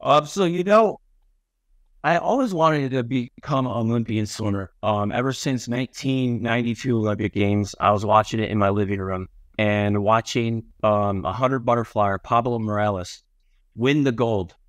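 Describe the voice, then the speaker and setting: A man from upstate New York, a podcast guest, telling stories in a relaxed way with lots of ums and likes. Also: medium pitch, normal speed, no echo, studio quality. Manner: laid-back, many ums and likes. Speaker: podcast guest, former Olympic swimmer. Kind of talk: casual storytelling chat.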